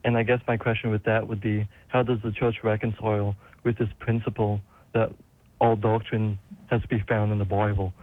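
Northern English caller on a tinny phone line. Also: male voice, on the low side, level tone, a little fast, no echo. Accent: Northern English, Carlisle. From Northern England. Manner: hesitant, thoughtful. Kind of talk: phone-in question.

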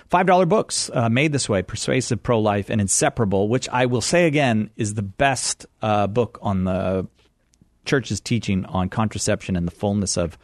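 A male radio show host talking in a relaxed, affable way with lots of fillers. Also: fairly low pitch, normal speed, no echo, studio quality. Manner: affable, easygoing, with many fillers. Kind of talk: casual radio talk.

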